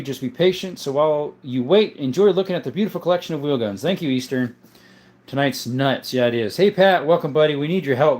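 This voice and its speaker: A man hosting a casual livestream, reading viewer comments aloud and answering them in a relaxed, chatty way. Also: fairly high pitch. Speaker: livestream host showing his gun collection. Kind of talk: casual live-stream chat.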